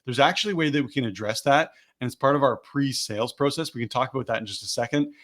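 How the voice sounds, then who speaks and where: A man's voice: mid-range voice, fast, fairly bright tone. A man leading a live online sales lesson on a video call, explaining each step and then acting out the phrasing he recommends. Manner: explains steps, then models the lines he teaches.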